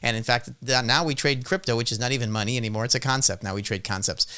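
A man's voice: mid-range voice, fast talker, pushed and bright, clean tone. A man hosting an interview, talking energetically and sometimes cutting in on his guest. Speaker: podcast host. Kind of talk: casual interview chat.

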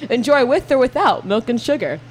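A woman's voice: on the high side, lively intonation, a little fast, a little hiss or hum. Giggly young woman podcast host. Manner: giggly, bubbly, laughs often. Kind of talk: casual chat.

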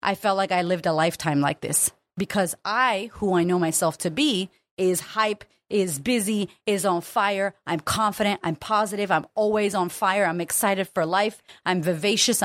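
A confidence coach hosts her own podcast in a candid solo monologue, speaking frankly and emotionally and swearing freely. Her voice is medium-pitched, with no echo.

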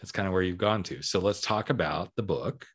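A man's voice: deep voice, a little fast, husky. A middle-aged man hosting a casual talk show, telling stories with lots of acted-out quoted dialogue. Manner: animated storyteller acting out quoted dialogue. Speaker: podcast host and coach. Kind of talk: casual chat.

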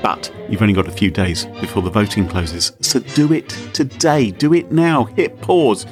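A man's voice: lowish voice, normal speed, music in the background. A man co-hosting a podcast, playful and jokey in casual chat. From Britain. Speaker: podcast co-host.

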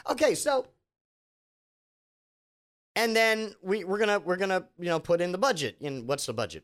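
A man's voice: high voice, expressive, moderate pace, pauses often, a bit bright. A man delivering a rambling, sarcastic comedic rant, full of restarts and asides.

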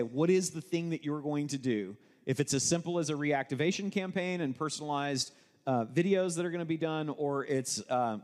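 A man's voice: medium pitch, a little mellow. Man presenting to a live audience, echoing hall. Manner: conversational, explanatory, with frequent restarts. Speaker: co-host presenting at a live workshop. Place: event room with an audience.

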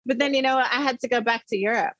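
A woman's voice: fairly high pitch, fast, fairly bright tone, no room sound, lo-fi sound. Middle-aged woman guest, emphatic storyteller, dry room. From the Netherlands. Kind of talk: personal storytelling in an interview.

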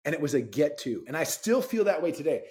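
Man, dentist guest, casual storytelling, informal and animated, slightly raised pitch. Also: quick pace.

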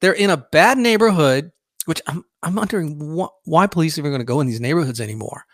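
A man's voice: a little high, animated, quick pace, a bit bright, no echo. A man hosting a political podcast, talking in a blunt, emphatic, conversational monologue into a close mic. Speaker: podcast host.

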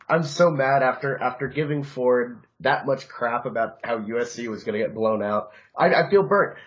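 A man co-hosting a podcast, chatting casually and excitably about football bets and mocking himself. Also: medium pitch. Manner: excitable, self-mocking, frequent restarts. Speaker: podcast co-host. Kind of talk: casual sports-betting chat. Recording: dull, muffled podcast audio.

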